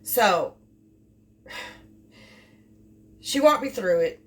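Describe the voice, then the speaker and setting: Speaking extremely slowly, a woman with a medium pitch and lively intonation rambles about her delivery job, going over the same points again. It's a laid-back vlog recorded on a far-off mic with a faint noise floor.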